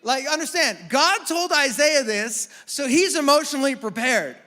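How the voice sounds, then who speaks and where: A man preaching a conversational sermon as a pastor, animated and joking at his own expense. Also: extremely high pitch, moderate pace. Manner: animated storytelling with self-deprecating humor. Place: church sanctuary. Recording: long hall reverb.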